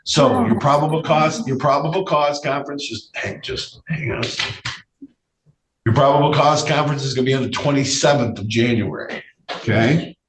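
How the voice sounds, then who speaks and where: Hoarse judge in an echoey courtroom. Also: male voice, medium pitch. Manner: measured, repeats phrases, frequent fillers. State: losing his voice. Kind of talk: courtroom hearing. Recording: echoey room, distant mic, faint noise.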